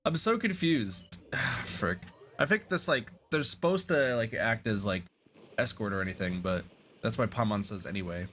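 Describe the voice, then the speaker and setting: A man's voice: on the low side, lively intonation, moderate pace, fairly bright tone. A man streaming a video game, muttering casual, mildly crude commentary and reading dialogue aloud.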